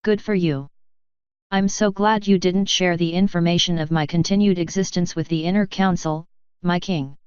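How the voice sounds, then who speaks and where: A man's voice: high voice, steady tone, normal speed, clear, resonant tone, no room sound, natural voice. A woman voicing a sardonic, grumbling human man with a dry, exasperated manner, in a dull lo-fi recording.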